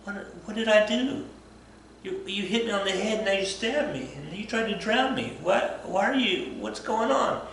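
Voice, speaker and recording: A baffled, hurt mystic who cannot believe what his friends keep doing to him, as a teacher puts him on, pleading in a voice pushed well above his normal pitch. The whine rings around a very echoey room over faint background noise. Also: lively intonation, moderate pace, gravelly, fairly bright tone, exaggerated voice. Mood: bewildered. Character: baffled, indestructible male mystic, hurt and confused.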